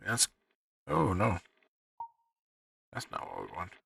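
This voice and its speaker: A man hosting a livestream, muttering to himself as he fiddles with his software, heard on a distant desk mic. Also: sits low, huge pitch swings, slow, creaky, slightly rough, no room sound. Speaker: livestream host. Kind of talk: casual livestream chatter.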